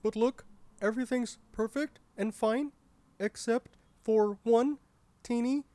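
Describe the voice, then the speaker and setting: A woman plays a smug, entitled male ad executive in a comedy sketch, talking in a flat, hesitant way full of little fillers. The recording is dry and close. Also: fairly high pitch, dry recording. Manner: hesitant, deadpan with drawn-out fillers.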